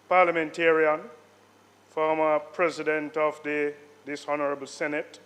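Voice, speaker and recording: Jamaican male senator; formal, stately tribute speech, a touch higher pitched. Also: bright, forceful tone. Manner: solemn, stately listing of honours. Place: senate chamber.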